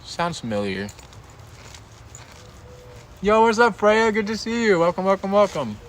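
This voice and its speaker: A man's voice: high-pitched, very animated, a little slow, rough recording. A young man hosting a casual chat stream, telling a story with frequent laughter and lots of dude and bro. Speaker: livestream host.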